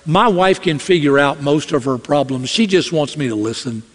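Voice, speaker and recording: A man preaches a sermon from a church pulpit with an animated delivery. He slips into the voices of the people he quotes. His voice sits high, and it rings out with a long hall reverb. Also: normal speed. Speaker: pastor. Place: church sanctuary. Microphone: podium or stage mic.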